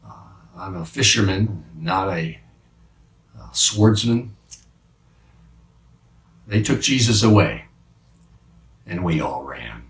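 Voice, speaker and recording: A man playing the apostle Peter as a remorseful fisherman, confessing haltingly in a dramatic monologue with many restarts. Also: sits low, animated, a bit bright, heavily acted. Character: remorseful male fisherman apostle, middle-aged, haunted by guilt. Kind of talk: dramatic first-person monologue. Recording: roomy sound from a distant mic.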